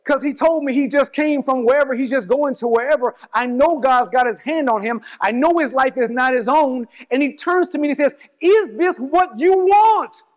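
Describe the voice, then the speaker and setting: High-voiced man preaching in a reverberant church. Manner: swings from quick asides to slow emphatic lines. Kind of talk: sermon with personal testimony. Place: church sanctuary. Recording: church hall with long reverb.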